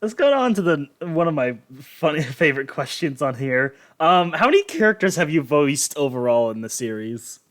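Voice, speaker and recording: Lively, higher-voiced male interviewer. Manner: relaxed, laughs along, quick follow-ups. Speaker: interview host. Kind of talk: casual interview chat.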